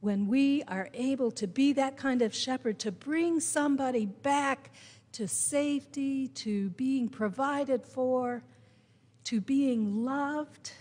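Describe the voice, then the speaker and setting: A woman pastor preaching a sermon, telling a personal story in a slow, gentle way with emphatic rises. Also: high-pitched. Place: church sanctuary. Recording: reverberant church sanctuary.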